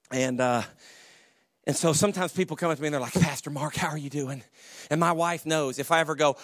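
A man preaching as a pastor, telling humorous stories and loudly acting out the voices of people he quotes. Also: high-pitched, creaky, no room sound, studio quality. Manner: animated storyteller, acts out quoted voices loudly.

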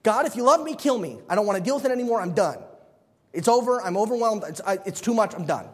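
A man's voice: high voice, lively intonation, fast, slightly rough, pitched above the performer's own voice. A man voicing an overwhelmed, exasperated prophet who pleads and whines in a raised voice. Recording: long hall reverb.

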